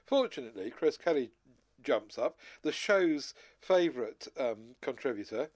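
A man's voice: medium pitch, sing-song, normal speed, a little mellow. A man co-hosting a casual chat show, rambling and restarting his sentences often. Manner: rambling, many restarts and repeated words. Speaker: podcast co-host.

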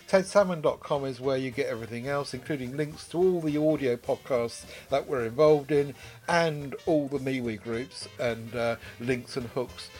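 A man's voice: medium pitch, darkish tone. An older man hosting a podcast, chatting in an easygoing, rambling way. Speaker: podcast host. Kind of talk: casual chat.

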